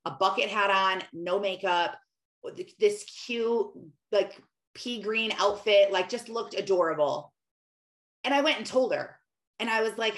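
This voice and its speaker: A young woman telling personal stories in a casual, earnest way, leaning heavily on "like" and acting out what people said. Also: mid-range voice. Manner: earnest and animated, heavy use of "like", quotes herself in little scenes. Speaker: Christian vlogger.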